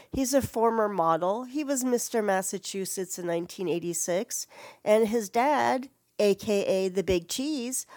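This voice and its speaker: A woman's voice: medium pitch, a little mellow, dry recording. A middle-aged woman chatting casually from home in a response video, rambling and swearing with lots of "like". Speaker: vlogger. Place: home, Portland.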